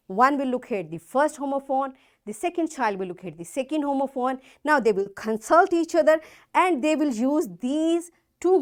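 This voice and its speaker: A woman teacher with a fairly high voice leads a school lesson, spelling words letter by letter. Her pitch swings widely as she stresses each example. She talks deliberately, repeating points for young pupils. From Pakistan. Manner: slow, emphatic spelling out of words. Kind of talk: classroom lesson.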